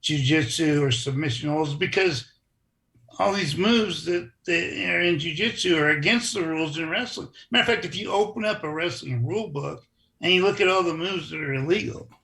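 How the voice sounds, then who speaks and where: A man telling stories in a casual interview, animated and acting out other people's lines. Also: on the high side, normal speed, gravelly. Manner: animated storyteller who acts out quoted voices. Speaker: interview guest, former wrestler.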